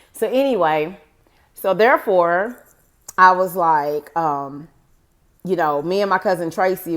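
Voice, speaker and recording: A woman's voice: fairly low pitch, fairly bright tone. A woman in her forties telling a personal story to her viewers in a chatty, rambling way, often calling them "guys". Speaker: vlogger. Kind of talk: casual storytime to camera.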